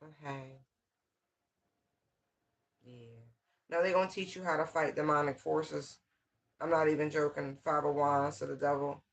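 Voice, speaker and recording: A man's voice: fairly high pitch, fairly even intonation, a little slow, vocal fry, pauses often, a bit bright. A man giving a casual, channeled tarot reading in loose, slangy, rambling talk full of fillers. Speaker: tarot reader.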